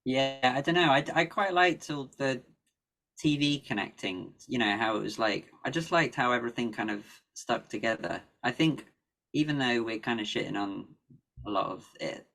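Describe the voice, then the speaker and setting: A man who is a guest on a podcast, talking in relaxed, hesitant casual chat. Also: medium pitch, normal speed, vocal fry. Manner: hesitant, relaxed, lots of fillers.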